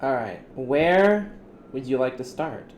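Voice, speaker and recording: A man's voice: medium pitch, expressive, slow, a little mellow. A man running a tabletop game as game master, easygoing and brief in his replies. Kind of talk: casual chat at a tabletop game.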